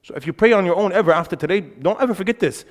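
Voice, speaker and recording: A young man with a high voice races through an animated, emphatic religious lesson on worship, speaking conversationally and using lots of filler words. He's a religious teacher addressing listeners in a mosque hall, and the recording carries that hall's reverberation.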